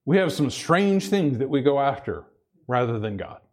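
A man's voice: mid-range voice, big pitch swings, normal speed, darkish tone. A man preaching a sermon, earnest, repeating himself and restarting phrases as he presses his point. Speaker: pastor.

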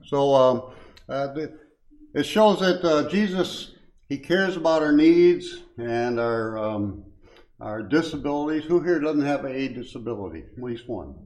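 A medium-pitched, lively voice with measured pace and a slightly mellow quality comes through a rough recording. An older man, speaking as a layperson at a Bible study, offers a brief, informal devotion full of folksy chuckles and uh's and um's, emphasizing scripture when he reads it.

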